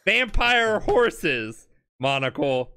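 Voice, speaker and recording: Drunk, animated podcast host. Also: medium pitch, extremely slow, smooth. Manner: animated, laughing, swearing, acting out characters. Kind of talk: drunk comedic storytelling.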